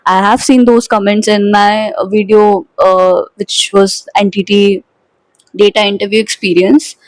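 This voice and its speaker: A woman's voice: mid-range voice, little pitch movement, a little slow, no echo, low-quality recording. A young woman in her twenties with an Indian English accent, chatting casually to her vlog viewers and slipping Hindi words into her English. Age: 20s. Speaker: vlogger. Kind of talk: casual chat.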